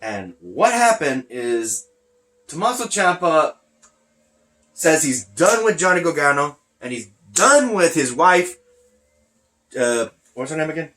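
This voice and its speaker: Slow and sing-song, with frequent pauses, a man with a slightly high, fairly bright voice hosts a casual wrestling podcast. He talks through a face mask, rambles, loses his train of thought, and runs a little short of breath.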